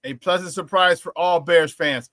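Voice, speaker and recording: Hyped-up, bright-voiced sports talk host. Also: male voice, normal speed, no room sound. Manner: high-energy hype, banters with the chat; shouts catchphrases, loud and excitable. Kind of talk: live-streamed sports talk.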